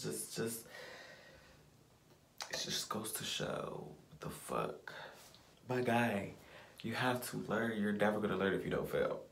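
A young man with a fairly low voice talks himself up in a loose, profane vlog rant. He circles back on his own phrases, half scolding and half cheering himself on. The sound bounces around an echoey room. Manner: blunt, profane self-pep talk, repeats phrases. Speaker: vlogger. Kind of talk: casual self-talk rant.

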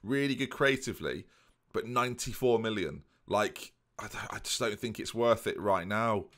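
A man's voice: fairly low pitch, moderate pace, a bit bright. A man giving playful, joking let's play commentary on a football management game and talking to his viewers. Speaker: gaming commentator.

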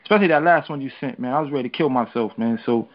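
A man speaking casually on a call-in radio show, rapid and loose, dropping "man" after nearly every phrase. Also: medium pitch, dull audio.

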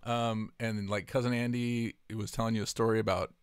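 A man's voice: fairly low pitch, little pitch movement, fairly quick, clean tone, no echo, clean studio sound. A man hosting a podcast in casual chat, reacting and laughing a lot.

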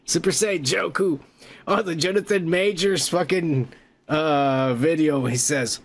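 A man's voice: on the high side, a little slow. A man hosting a comedy podcast, reading viewer comments aloud and telling a story in a loose, casual way, swearing a lot and laughing often.

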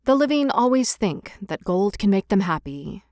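A woman voicing a gentle statue prince. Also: sits high, sing-song, normal speed, no room sound, clean studio sound. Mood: tender. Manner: gentle, tender. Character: loving, generous golden statue prince.

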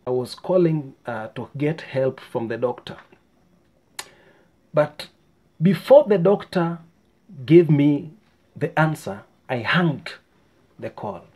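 A man giving a short, earnest sermon in a calm voice. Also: on the high side, takes it slowly, pauses often. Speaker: preacher.

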